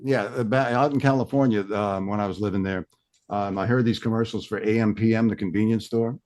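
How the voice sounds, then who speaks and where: Low-voiced, rambling male podcast host. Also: fairly even intonation, a little fast, a little mellow. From South Louisiana. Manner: rambling, digressive storyteller. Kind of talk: casual podcast chat.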